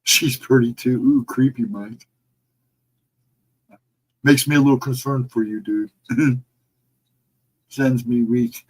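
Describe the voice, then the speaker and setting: A middle-aged man hosting a casual livestream, reading the chat and answering viewers in a relaxed, reassuring way. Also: mid-range voice, a little slow, long pauses, low-quality recording. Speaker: livestream host.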